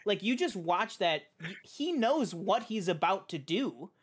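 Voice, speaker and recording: A man hosting a podcast, chatting casually about films with animated, profane talk full of "like". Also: high voice, unhurried, slight background noise. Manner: animated, profane, heavy use of "like". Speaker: podcast host. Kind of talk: casual film chat.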